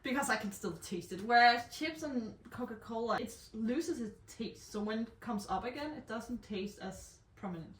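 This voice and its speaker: A woman's voice: on the high side, lively intonation, moderate pace, hardly any pauses, distant mic. A young woman, a student, chatting casually, laughing often and swearing now and then, in an echoey room away from the mic. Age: young adult. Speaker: student vlogger. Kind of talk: casual chat.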